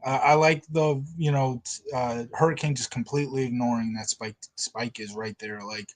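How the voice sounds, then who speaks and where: Male host, mid-pitched voice, casual recap chat that keeps breaking into acted-out quotes and laughter. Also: moderate pace. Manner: animated retelling, acts out quotes, laughs often. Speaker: podcast host.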